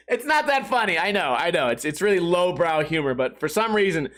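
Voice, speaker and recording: A man's voice: sits high, very animated, fairly quick, hardly any pauses, a bit bright. A man hosting a solo comedy podcast, rambling and swearing casually and laughing at his own jokes. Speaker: podcast host.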